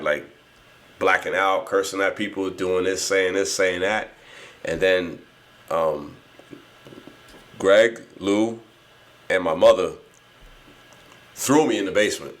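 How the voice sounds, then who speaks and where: Low-voiced man telling animated stories. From New Jersey. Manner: animated storyteller, laughs often, swears freely. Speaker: podcast co-host. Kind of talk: casual chat, storytelling.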